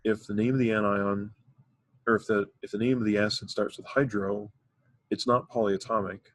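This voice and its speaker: A man's voice: lowish voice, steady tone, normal speed, fairly bright tone. A man teaching a chemistry lesson, explaining methodically step by step with occasional fillers. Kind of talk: recorded classroom lecture.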